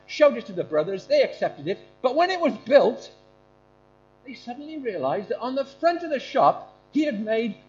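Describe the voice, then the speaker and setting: Male preacher, high and animated delivery, informal talk with questions for the congregation; muffled recording. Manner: animated, quizzing listeners. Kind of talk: informal sermon with questions to the audience. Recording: dull lo-fi with faint hum.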